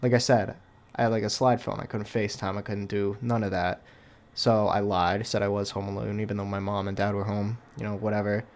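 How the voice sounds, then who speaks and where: A man's voice: lowish voice, level tone, a little fast. A young man casually telling a storytime, rambling and packing his talk with "like", with offhand, wry asides. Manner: rambling, filler-heavy with constant "like". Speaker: storytime YouTuber.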